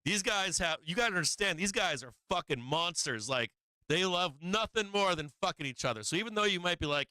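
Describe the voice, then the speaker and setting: A bright, forceful man hosts a market livestream, swearing freely and acting out angry traders as he walks through the charts. His voice is smooth and crisp, recorded dry and close with no room around it. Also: fairly high pitch, a little fast, no room sound. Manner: blunt, swearing, animated with mock quotes of traders. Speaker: stock market livestream host. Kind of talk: casual profane market commentary.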